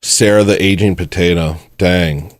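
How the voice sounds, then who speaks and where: A man's voice: low-pitched, steady tone, a little slow, no echo, clean studio sound. A man hosting a livestream, talking bluntly and rambling in a self-mocking way. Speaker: livestream host. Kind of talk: casual livestream rant.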